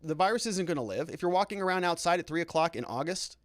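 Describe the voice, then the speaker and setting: Male host, sits a bit high in pitch, dry close sound, reads chat and fires back with sarcastic outrage. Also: quick pace, no room sound. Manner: animated, indignant, sarcastic asides. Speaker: lawyer and show host. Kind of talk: live commentary reading viewer chat.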